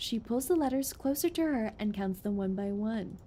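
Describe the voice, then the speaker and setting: A woman's voice: a little high, lively intonation, moderate pace, dark tone, a little hiss or hum. A woman streamer chatting playfully and reading game text aloud during a gameplay stream. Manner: playful and giggly, jokes around.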